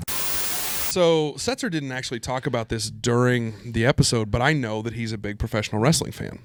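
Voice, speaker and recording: A man co-hosting a casual podcast, telling dad jokes with deadpan punchlines and laughing easily. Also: mid-range voice, normal speed, long pauses. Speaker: podcast co-host. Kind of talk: casual chat.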